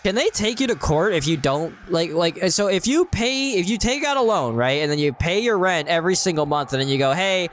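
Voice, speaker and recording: Animated high-pitched man rambling. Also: brisk, few pauses, slight background noise. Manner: profane, rambling storytelling. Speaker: podcast co-host. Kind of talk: casual chat while gaming.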